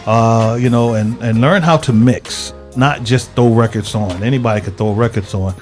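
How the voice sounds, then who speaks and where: A man's voice: medium pitch, moderate pace, darkish tone. A man co-hosts a call-in radio show in an easygoing way. His phrases often trail off. Faint music sits underneath. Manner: laid-back, trailing off. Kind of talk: casual radio chat.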